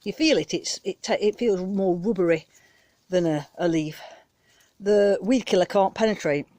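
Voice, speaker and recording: A woman's voice: medium pitch, moderate pace, dark tone, dry recording. A British woman chatting casually in her garden as she films herself on a handheld phone, talking in a rambling, down-to-earth way. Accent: British English. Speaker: gardening vlogger. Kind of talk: casual chat. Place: outdoor back garden.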